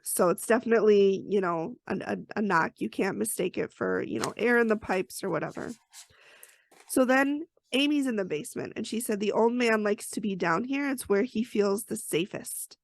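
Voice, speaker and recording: Gravelly, chatty woman podcast host. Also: medium pitch, moderate pace, dry recording. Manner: chatty storytelling with asides. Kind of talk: casual podcast recap.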